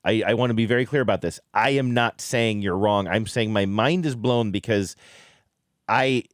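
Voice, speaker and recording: A man co-hosting a talk show, chatting casually in a playful, animated way and laughing often. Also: on the low side, moderate pace, dry recording, studio quality. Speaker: co-host. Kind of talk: casual chat.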